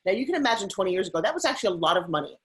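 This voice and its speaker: Woman in her 50s, guest on a show, big animated storyteller, mid-pitched voice. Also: very fast. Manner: animated, emphatic, tells stories. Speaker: guest, motivational speaker. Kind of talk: interview storytelling.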